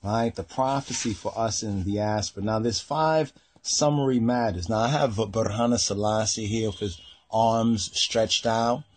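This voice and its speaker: A man giving a slow religious teaching on a Torah portion, pausing often, repeating words and checking in with "right?". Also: fairly low pitch. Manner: slow, searching, frequent "right?" and fillers.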